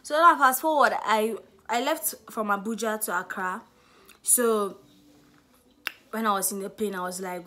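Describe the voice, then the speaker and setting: Young woman, Nigerian accent, story-time vlog, animated, acts out quotes. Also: medium pitch, normal speed. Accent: Nigerian English. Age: young adult. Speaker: student vlogger.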